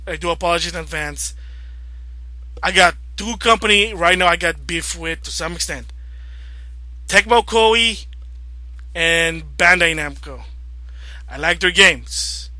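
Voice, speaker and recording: Man, high voice, rambling game vlog rant, gets worked up and loud. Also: measured pace, long pauses, no room sound. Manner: rambling, grows agitated and loud when ranting. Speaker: video game vlogger. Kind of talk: casual opinion vlog rant.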